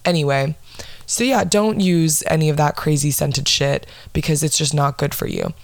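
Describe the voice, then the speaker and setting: A woman's voice: low voice, moderate pace, vocal fry, no echo. A young woman podcast host ranting and telling stories in a casual, blunt way, with lots of swearing and dramatic asides. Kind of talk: casual profane storytelling rant.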